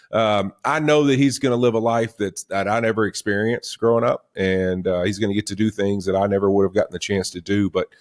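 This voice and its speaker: A man in his forties co-hosting a casual sports chat, telling stories and acting out quotes. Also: fairly low pitch. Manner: animated storytelling, acts out quotes. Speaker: podcast co-host.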